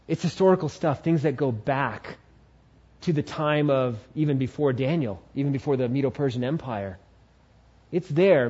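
A male pastor preaching a sermon, driving his point home by repeating key phrases, with dramatic swings in pitch. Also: mellow. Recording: dull lo-fi sound.

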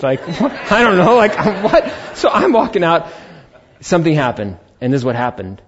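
Lively middle-aged pastor telling a story. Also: male voice, on the high side, moderate pace. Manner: animated, conversational, acts out dialogue. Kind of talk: personal story in a sermon. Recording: dull lo-fi recording.

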